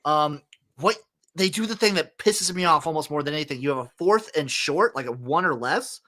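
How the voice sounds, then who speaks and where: A man's voice: on the high side, expressive, fairly quick, bright, forceful tone. A young man hosting a podcast, talking football in a blunt, profane, exasperated way. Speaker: podcast host. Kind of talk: casual sports chat.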